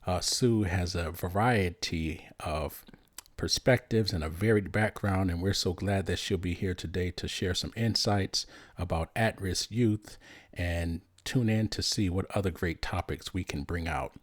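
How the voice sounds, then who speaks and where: A man hosting a podcast interview, friendly and a little halting, with frequent restarts. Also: low-pitched, no echo, studio quality. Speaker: podcast host.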